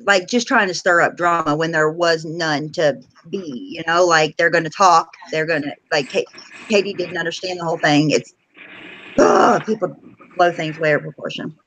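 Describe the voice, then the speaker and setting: A woman's voice: low-pitched, fairly even intonation, normal speed, fairly bright tone, slight background noise, rough recording. Chatty woman full of fillers. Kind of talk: casual chat.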